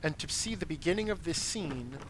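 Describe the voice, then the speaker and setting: A man's voice: on the high side, lively intonation, fairly quick, background noise. A man streaming a game, giving patient, methodical commentary that explains details step by step and answers his chat. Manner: reads and answers live chat.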